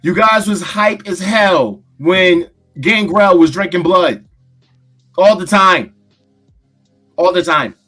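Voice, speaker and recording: A man hosting a casual podcast chat, animated, playful and swearing freely. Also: sits high, slow, pauses often, faint music behind. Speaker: host.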